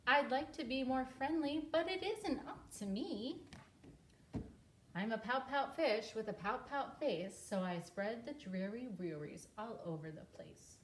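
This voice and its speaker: A woman's voice: on the high side, measured pace, slight background noise, close to an everyday voice. A woman reading aloud and voicing a glum, pouty male fish with a mopey sing-song refrain. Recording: roomy echo.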